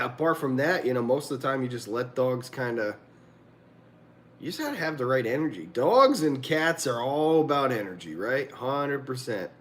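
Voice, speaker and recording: A man with a medium-pitched voice hosts a livestream from a room in his home, with a slight hiss or hum in the audio. He chats casually, rambling, swearing and laughing often.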